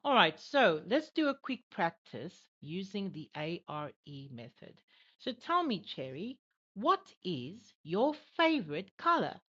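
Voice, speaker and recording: A woman's voice: fairly low pitch, big pitch swings, unhurried, a bit bright, husky. A woman acting as an IELTS examiner and tutor in an online English lesson, encouraging and full of "all right" and "okay". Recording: dull lo-fi audio.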